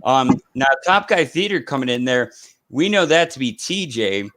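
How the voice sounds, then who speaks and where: A man's voice: mid-range voice, lively intonation, normal speed, fairly bright tone, no echo, low-quality recording. A man hosting a casual live stream, chatting in a rambling way with lots of fillers and restarts. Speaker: host.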